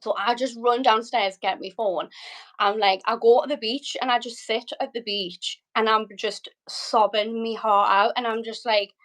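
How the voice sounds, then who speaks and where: A woman's voice: a little high, fairly even intonation, moderate pace, a bit bright, rough recording. A British woman, a podcast guest, tells a personal story with vivid emotion, frequent swearing and many "likes". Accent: British English. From Britain.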